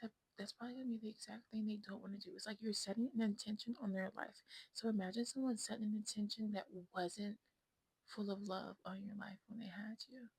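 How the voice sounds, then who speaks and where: A woman's voice: mid-range voice, steady tone, brisk, vocal fry, darkish tone, breathy edge, dry recording, low-quality recording. A woman in her twenties talking casually to her phone camera at home, rambling and frank, often dropping into a whisper. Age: 20s. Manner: rambling, self-absorbed, frank, slips into whispers. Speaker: vlogger. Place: at home indoors.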